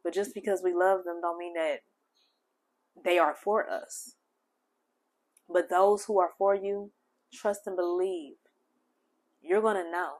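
A woman hosting a spiritual channel, speaking gentle, heartfelt affirmations straight to the listener. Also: fairly low pitch, steady tone, measured pace, pauses often. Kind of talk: affirming spiritual message to the viewer.

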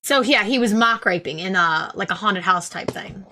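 Bright-voiced young woman co-hosting a podcast. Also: medium pitch, moderate pace, slight background noise. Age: young adult. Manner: profane, teasing, reads aloud with asides. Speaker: podcast co-host reading news stories. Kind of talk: casual chat.

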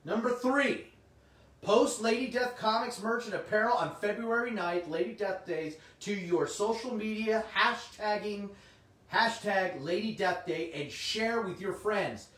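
A middle-aged man, slightly hoarse, hosting a comic shop livestream in casual, chatty talk and answering viewers' comments. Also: high voice, a little slow, a bit bright. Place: indoor room. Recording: roomy, distant mic, faint noise.

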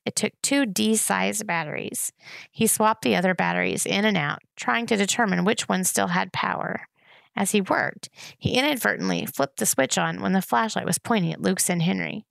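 A woman reading a children's novel aloud in steady, expressive narration. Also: medium pitch, normal speed, vocal fry, no room sound. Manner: steady, expressive reading, voicing each character. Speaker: reader. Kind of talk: audiobook narration.

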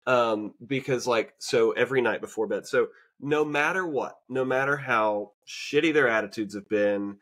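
A man's voice: mid-range voice, moderate pace, few pauses, a bit bright. A man co-hosting a podcast, talking in a casual, reflective way with many fillers and restarts. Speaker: podcast co-host. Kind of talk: casual conversation.

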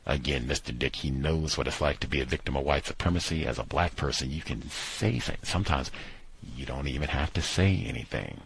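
A man casually discussing a book he is reading aloud from, thinking out loud and pausing with "uh, let's see" as he goes. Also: a bass voice, gravelly, husky. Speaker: book commentator.

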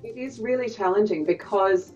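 A woman's voice: medium pitch, normal speed, darkish tone, far from the mic, lo-fi sound, faint music behind. A woman, a dialect coach, answering interview questions in a thoughtful, conversational way. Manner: thoughtful, conversational, hesitant phrasing.

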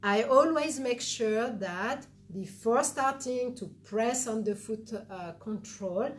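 A woman who grew up speaking Arabic walks students through a dental technique in a live lesson. She talks slowly and patiently, pausing on fillers as she explains. Faint background noise sits under her voice. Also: fairly high pitch. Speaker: dental instructor. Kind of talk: live teaching demonstration.

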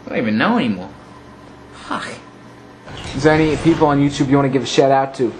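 Young guy, goofy crude vlogger, ordinary pitch, faint street noise behind. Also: fast. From Australia. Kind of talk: casual joking chat to camera.

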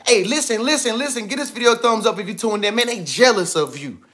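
A man giving casual motivational talk on a livestream, slangy and animated, repeating himself often. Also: high voice, fast. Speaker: vlogger. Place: indoors with TV and iPad.

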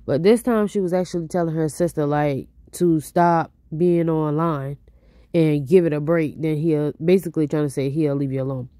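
Low, mellow-voiced woman host. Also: steady tone, moderate pace, no room sound, clean studio sound. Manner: chatty, talks straight to viewers. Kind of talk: casual commentary to viewers.

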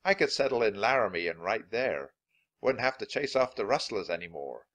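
A man's voice: on the low side, expressive, normal speed, fairly bright tone. A man voicing an easygoing adult cowboy who herds mustangs, with a folksy drawl.

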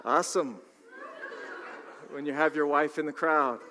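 A man's voice: a little high, fairly even intonation, a little slow, pushed and bright, a little hiss or hum. A male pastor preaching a sermon in a conversational style, with asides to the congregation. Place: church sanctuary. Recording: long reverb of a large hall.

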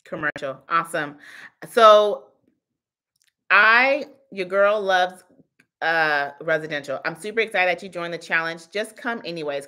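A woman coaching viewers in a relaxed livestream chat, talking freely and laughing often. Her voice sits low but comes across bright and forceful. She answers comments from the chat as they come in. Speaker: cleaning business coach hosting a livestream Q&A.

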